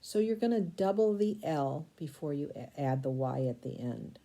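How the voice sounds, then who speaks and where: A woman teaching a recorded spelling lesson, sounding out syllables slowly and spelling words letter by letter. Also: deep voice, lively intonation, dark tone.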